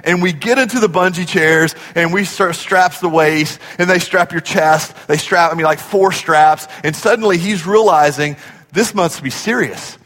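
A man preaching a sermon in a church, telling stories in an animated way and acting out the voices in them. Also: sits high, normal speed. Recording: long hall reverb.

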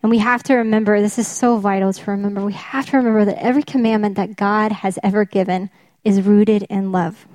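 A woman's voice: medium pitch, steady tone, a little fast, darkish tone, no room sound. A woman preaching a sermon, emphatic, often repeating her key phrases for weight.

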